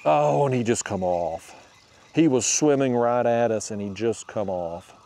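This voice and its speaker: A man, chatting to his viewers in a folksy, excitable way while fishing from a small boat. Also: medium pitch, unhurried. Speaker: fishing vlogger. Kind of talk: casual narration while fishing.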